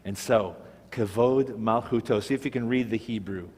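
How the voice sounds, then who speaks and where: A man teaching a patient, step-by-step language lesson, pausing to have listeners repeat each word. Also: fairly low pitch, a little mellow, husky, big-room sound. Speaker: Hebrew teacher. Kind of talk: classroom-style language lesson.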